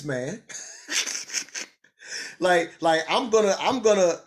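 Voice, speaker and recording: A man hosting a casual commentary show, talking in an animated way, laughing and repeating words when he gets excited. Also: high voice, slow pace, pauses often. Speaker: commentary channel host.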